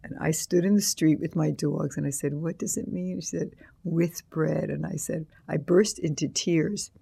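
A man's voice: fairly high pitch, fairly even intonation, moderate pace, vocal fry, mellow, breathy edge. An older man, an author and teacher being interviewed, rambling through anecdotes with many restarts and acted-out quotes.

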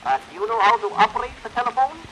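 A brisk, polite shop clerk on an old record. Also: male voice, very high voice, a bit bright, slight background noise, rough recording. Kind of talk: early comedy record sketch.

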